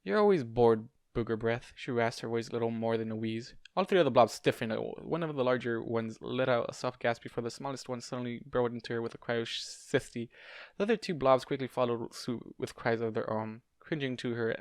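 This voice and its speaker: A man's voice: medium pitch, brisk, few pauses, clean tone, no echo. A man narrating fanfiction aloud in an amateur audiobook read, stumbling and correcting himself now and then and dropping casual asides. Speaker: fanfiction reader.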